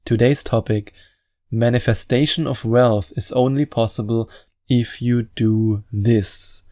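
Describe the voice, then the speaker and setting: A man's voice: mid-range voice, steady tone, a little slow, dark tone, no room sound, clean studio sound. A man hosting a motivational podcast, speaking in an earnest, emphatic and persuasive way. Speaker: podcast host and manifestation coach.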